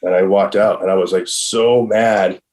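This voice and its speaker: Middle-aged male podcast guest, deep and low, rambling storyteller who swears freely. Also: fairly even intonation, moderate pace, a little mellow, poor audio. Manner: rambling and profane, heavy use of "like" and "I'm all". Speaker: podcast guest, professional skateboarder. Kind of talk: casual storytelling.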